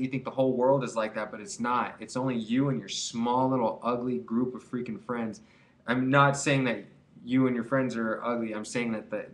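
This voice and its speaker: A young man with an ordinary mid-pitched voice gives casual advice straight to camera. He rambles and pushes his points hard, stumbling through fillers and restarted sentences. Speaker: vlogger giving quit-weed advice. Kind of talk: casual advice vlog monologue.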